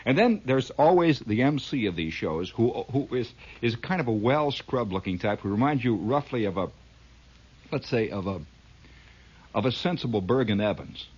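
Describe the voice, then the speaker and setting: Male comic monologuist, rambling and animated, husky, on dull lo-fi old tape. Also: medium pitch, moderate pace. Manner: rambling, laughing at his own tale. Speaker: comedian.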